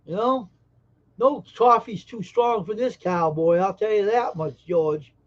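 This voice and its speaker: A man's voice: high voice, unhurried, muffled recording. Brash joking man streaming live. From Massachusetts. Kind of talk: casual live stream chat with viewers.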